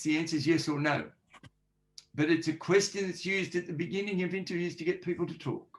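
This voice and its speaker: Man explaining, acting out sample questions. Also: a little high. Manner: explanatory, lists examples and acts out sample questions. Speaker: guest, forensic linguist. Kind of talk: podcast interview answers.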